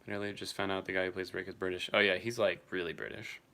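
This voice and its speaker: A man's voice: low voice, level tone, fast, pushed and bright. A young man casually chatting on a livestream, answering viewers by name and swearing now and then. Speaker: streamer reading live chat.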